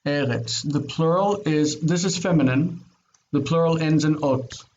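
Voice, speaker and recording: A man's voice: a little high, a little slow, darkish tone. A male Hebrew teacher giving an online grammar lesson, explaining patiently, repeating words and checking understanding with "okay?". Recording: dull lo-fi sound with faint noise.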